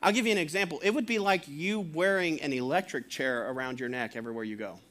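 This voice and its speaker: A pastor delivers a sermon to his church at a quick pace, his fairly high voice relaxed and conversational. He talks plainly, chuckling along the way and dropping into acted-out quotes.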